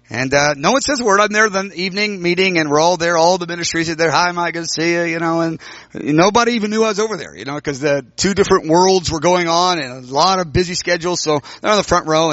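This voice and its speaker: A bright, fairly high-voiced man preaches in storytelling mode, acting out conversations and jumping into sharp, high exclamations. The sound is dry and a little dull. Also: dry recording. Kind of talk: sermon storytelling.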